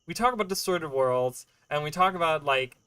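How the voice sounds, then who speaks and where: A man talks through a game on a livestream in loose, rambling chat, full of fillers and checking in with "right?". His voice sits a little on the high side for a man. He breaks off now and then to answer questions from chat. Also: expressive, moderate pace, a bit bright, clean tone, dry recording. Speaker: game streamer.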